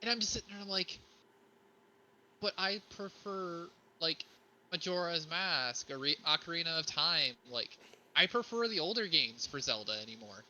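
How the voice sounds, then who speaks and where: Man, high voice, very bright tone, casual podcast chat, excitable, swears. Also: fairly quick, slight background noise, poor audio. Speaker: podcast co-host.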